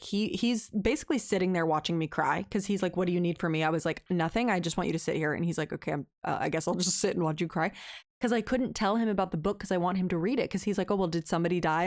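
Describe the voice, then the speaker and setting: A young woman co-hosting a book club podcast, gushing emotionally and telling stories in casual chat. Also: fairly low pitch. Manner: gushing, emotional, animated storytelling. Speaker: podcast co-host.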